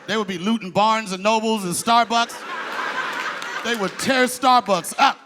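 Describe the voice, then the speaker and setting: A male stand-up comedian performing on stage with a loud, animated delivery that breaks into shouts. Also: high-pitched, measured pace, a crowd in the background. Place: live comedy stage before an audience. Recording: live audience laughter and room noise.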